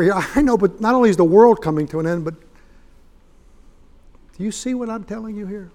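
A man preaching a fiery sermon in a church, folksy and swelling into loud emphatic bursts. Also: sits high, brisk, long pauses. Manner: folksy, rising to shouted emphasis.

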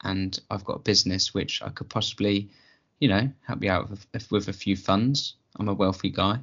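Very deep-voiced, sheepish man. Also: steady tone, moderate pace, a bit bright. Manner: hesitant, sheepish. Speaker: podcast co-host. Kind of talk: comic podcast banter. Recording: slightly dull lo-fi.

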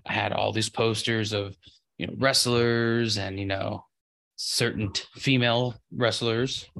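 A man's voice: on the low side, little pitch movement, unhurried, vocal fry, fairly bright tone, dry recording, studio quality. A young man on a podcast, telling a rambling story full of filler words and swearing. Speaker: podcast co-host. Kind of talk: casual podcast chat.

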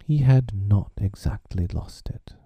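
Man with a gravelly low whisper. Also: animated, a little slow, dry recording, dull audio. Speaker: storyteller. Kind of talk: whispered role-play.

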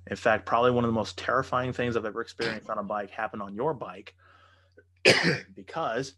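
A man's voice: fairly low pitch, fairly quick. Profane man telling a wild story. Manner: profane, animated, acts out quotes in raised voices. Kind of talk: casual storytelling.

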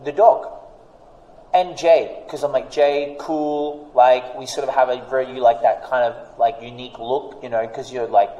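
Animated Australian man, roomy echo. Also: medium pitch, moderate pace, highs cut off. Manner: animated, rambling, frequent fillers. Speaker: PR agency owner. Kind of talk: casual podcast chat. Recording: echoey room with long reverb.

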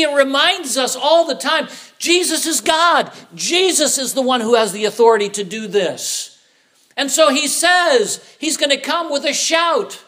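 A man's voice: extremely high pitch, pushed and bright. A middle-aged man preaching a sermon, asking rhetorical questions and acting out the voices of the people he quotes. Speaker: pastor.

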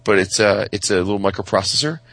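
A man co-hosting a podcast in casual chat, telling stories with excitement, swearing freely and putting on silly voices. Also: fairly low pitch, fast talker, gravelly, no room sound, low-quality recording. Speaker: podcast co-host.

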